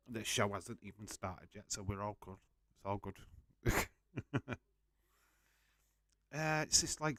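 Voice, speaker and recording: A low-voiced man with a sharp tone hosts a live wrestling watch-along on a dry recording. He chats bluntly and casually, swears freely, welcomes viewers by name, and reads out their comments.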